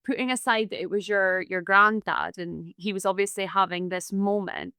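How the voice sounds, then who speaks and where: A woman with a Scottish accent, a guest on a podcast, talking frankly and chattily and quick to laugh. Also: medium pitch, pushed and bright, smooth, no echo, clean studio sound. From Scotland. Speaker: podcast guest, TEDx speaker. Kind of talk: casual interview chat.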